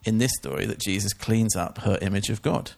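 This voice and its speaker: A man's voice: on the low side, brisk, creaky, a little mellow. A man giving a casual, chatty Bible teaching talk, full of informal asides. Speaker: church teacher.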